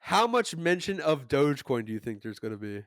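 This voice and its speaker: Man, fairly high voice, podcast co-host, joking, dry close sound. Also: sing-song, dry recording. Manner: joking, mocking, with quick put-on quotes. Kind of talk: casual chat.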